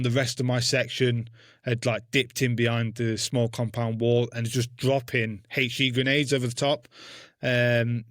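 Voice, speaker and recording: A man, an army veteran being interviewed, telling a war story bluntly with constant swearing and dark humour. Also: mid-range voice, no room sound, studio quality. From England.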